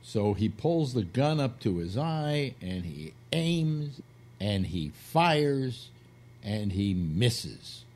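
Low-voiced man telling a crude joke. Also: very slow. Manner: animated joke-telling with acted quotes, crude. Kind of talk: casual radio chat, storytelling.

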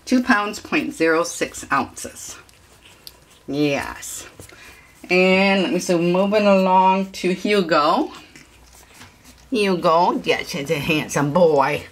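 A woman's voice: fairly low pitch, animated, slow, pauses often. A woman dog breeder chatting casually in a home video, rambling and cooing at puppies.

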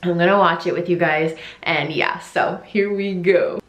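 A young woman who works as an English teacher and vlogs, talking through a casual reaction video in a chatty, rambling, excitable way. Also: fairly low pitch, measured pace. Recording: roomy, echoey room.

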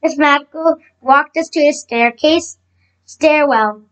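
A woman's voice: sits high, takes it slowly, low-quality recording. A woman reading a children's chapter book aloud, often slipping on words and correcting herself. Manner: frequent slips and self-corrections. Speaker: storybook reader.

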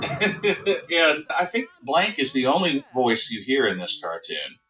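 A man's voice: mid-range voice, very animated, unhurried, pushed and bright, far from the mic, poor audio. A man co-hosting a casual cartoon review chat from his computer, talking with enthusiasm and laughing easily. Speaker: co-host of a cartoon review show. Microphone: computer mic on a call.

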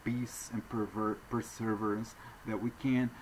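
A man's voice: lowish voice, little pitch movement, measured pace, slight background noise, low-quality recording. A man with a non-native English accent, talking to viewers in a digressive, earnest monologue with apologetic asides. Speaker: vlogger addressing viewers. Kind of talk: rambling off-the-cuff monologue.

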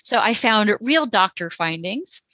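A young woman from Texas talks through her points in a casual, opinionated way, leaning on fillers as she goes. Her voice is bright and forward. It comes through a dry, slightly dull podcast microphone. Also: medium pitch, animated, measured pace, no room sound. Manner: chatty, many fillers, opinionated. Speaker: podcast co-host.

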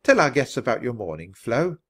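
Man doing a cheerful, brisk young woman. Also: medium pitch, very animated.

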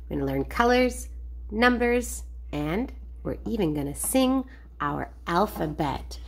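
A woman hosting a kids' learning video, giving a playful toy demonstration for toddlers in a slow, clear, sing-song way. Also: medium pitch, animated.

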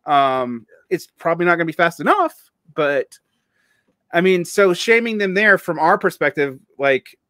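A man's voice: fairly high pitch, very animated, a little slow, a bit bright, no room sound, studio quality. A man with a Southern US accent hosting an interview, talking casually and rambling with fillers and restarts. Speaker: podcast host.

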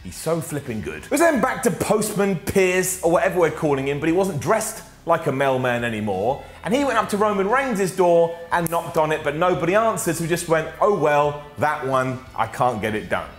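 A British man recaps a show with a sarcastic, joking delivery, his voice a little high and swinging widely in pitch. The room is echoey, with faint music underneath. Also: sing-song, a little fast, few pauses. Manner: sarcastic, jokey, full of acted quotes. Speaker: wrestling show reviewer.

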